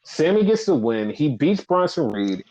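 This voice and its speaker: A man's voice: on the high side, big pitch swings, moderate pace, mellow. Rambling man in casual chat. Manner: rambling, many "like" fillers, acts out quotes. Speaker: podcast co-host. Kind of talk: casual chat recapping wrestling. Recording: slightly dull lo-fi audio.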